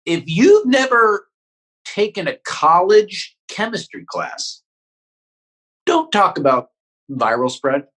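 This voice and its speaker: A male comedian riffs as a podcast guest, his voice high and husky with big swings in pitch. He talks in animated, joking bursts and swears freely. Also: takes it slowly, long pauses, poor audio. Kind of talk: casual chat.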